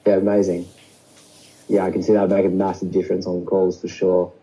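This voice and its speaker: Low, flat-voiced client on a call, fast and agreeable. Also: male voice, poor audio. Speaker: coaching client. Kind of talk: casual call chat.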